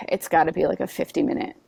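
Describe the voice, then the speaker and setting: A woman guest on a podcast, telling a personal story in earnest, halting conversation full of "like" and "you know.". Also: low voice, steady tone, creaky, darkish tone, a little hiss or hum.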